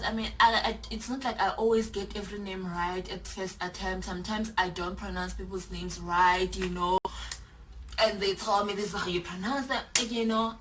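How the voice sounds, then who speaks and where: A South African woman chatting to camera in an animated, exasperated and teasing way. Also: mid-range voice, distant mic, a little hiss or hum. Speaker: YouTuber. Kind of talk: casual vlog chat.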